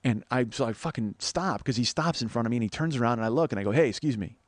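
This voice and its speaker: Brief: fast, profane male podcast host in his 40s, dry close sound, rambling and animated. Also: mid-range voice, no echo. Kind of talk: storytelling monologue.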